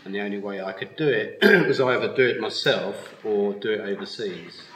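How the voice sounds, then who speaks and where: Low-voiced man in a roomy hall. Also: normal speed, fairly bright tone. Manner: easygoing, laughs often. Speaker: wool mill owner. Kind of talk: live podcast interview, explaining his work. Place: live at a yarn festival. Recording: roomy live festival recording, faint noise.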